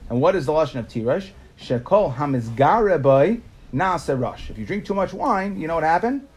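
A man's voice: fairly high pitch, animated, normal speed, a little mellow, breathy edge. A man teaching a Talmud class to students in a classroom, explaining in bursts and asking rhetorical questions that he answers himself.

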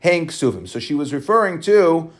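A man teaching a Talmud class, reading passages aloud and explaining them in relaxed English with frequent "right?" and "okay". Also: fairly high pitch. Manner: reads Aramaic quickly, then explains in casual English with many "right?" and "okay".

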